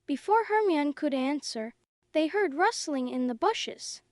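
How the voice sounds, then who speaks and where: A woman narrating a story in a slow, clear, even reading for English learners. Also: high-pitched, no room sound, clean studio sound.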